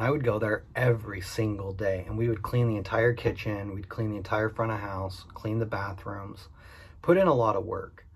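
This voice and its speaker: A man's voice: lowish voice, breathy edge. A man who runs a cleaning business, casually and candidly telling a story about his past work to the camera. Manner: conversational and candid, with frequent fillers.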